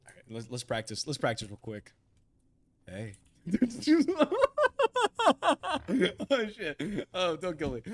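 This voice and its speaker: A man chatting on a gaming live stream with a rather high voice that swings widely in pitch. He stammers, trips over his words and breaks into laughter often, sounding flustered.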